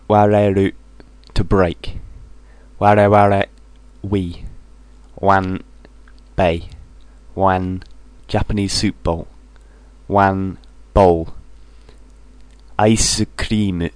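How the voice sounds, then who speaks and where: A man reading a vocabulary list aloud, saying each Japanese word and then its English meaning in a measured drill. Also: sits low, a little mellow, no room sound. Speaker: language teacher.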